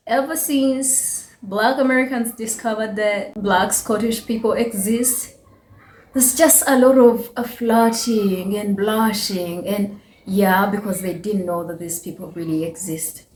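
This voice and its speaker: Slow-talking Ugandan woman host, echoey room. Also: mid-range voice, fairly even intonation, a little mellow, slight background noise. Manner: slow, measured, chatty, with many pauses. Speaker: channel host. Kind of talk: reaction video commentary.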